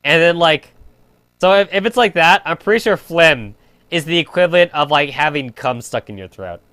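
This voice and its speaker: A man's voice: fairly high pitch, expressive, normal speed, a bit bright, no echo. A young man streaming a game, rambling in crude casual chat full of filler "like". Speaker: gaming streamer.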